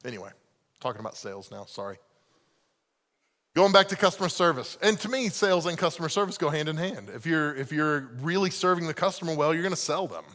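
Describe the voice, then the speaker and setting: Man giving a chill leadership talk at church, kinda high voice, jokes on himself, big hall echo. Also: lively intonation, quick pace, fairly bright tone. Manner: self-deprecating, conversational, laughs often. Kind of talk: casual teaching talk with stories. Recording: long reverb of a large hall.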